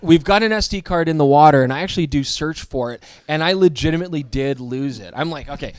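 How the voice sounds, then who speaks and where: A man's voice: on the high side, fast talker, clear, resonant tone, no echo. A man hosting a casual chat about old videos, joking and laughing often. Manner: jokey, laughs often, animated. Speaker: show host.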